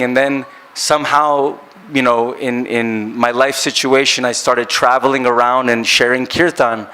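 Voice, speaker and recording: An earnest man recounts a personal memory in a reflective, halting manner, pausing to search for his words. He speaks at an ordinary middle pitch, sounding like a traveling kirtan singer sharing his own story. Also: a bit bright. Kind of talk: personal reminiscence.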